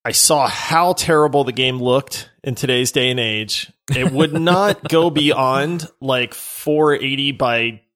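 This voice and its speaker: A man co-hosting a casual gaming podcast, animated and quick to laugh, talking into a close mic at home. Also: medium pitch. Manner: animated, laughing, does silly voices when reading. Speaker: podcast co-host. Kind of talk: casual chat.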